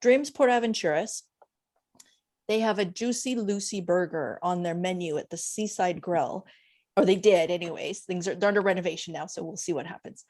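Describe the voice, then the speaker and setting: A woman co-hosting a travel podcast, talking in an emphatic, animated way. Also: on the low side, moderate pace. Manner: emphatic and heartfelt, animated storytelling. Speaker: podcast co-host. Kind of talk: casual chat.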